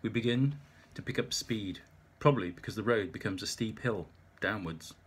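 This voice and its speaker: A man's voice: fairly low pitch, moderate pace, husky. A man narrating an audiobook in the first person, with wry, dry humour.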